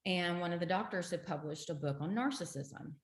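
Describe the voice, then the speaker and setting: Low-voiced woman telling her story earnestly. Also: brisk, crowd noise. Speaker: guest. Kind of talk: interview storytelling. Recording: roomy echo.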